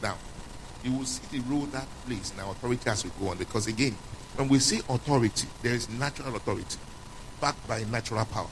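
A man's voice: medium pitch, fast, background noise. Emphatic male preacher. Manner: emphatic, repeats key points, quizzes listeners. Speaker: pastor. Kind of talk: sermon.

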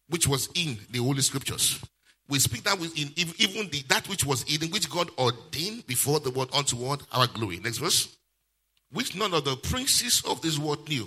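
Pastor guy preaching, bright edgy voice, a bit higher than most men. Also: slightly rough. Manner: animated preaching with call-and-response questions. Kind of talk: sermon.

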